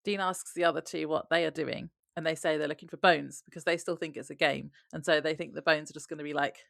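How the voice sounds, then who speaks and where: A woman with a gravelly, lowish voice recaps an episode in easygoing podcast chat. She laughs often and slips quoted lines into her retelling. The sound is close and dry. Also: steady tone, fast talker, a bit bright, no echo. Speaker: podcast co-host.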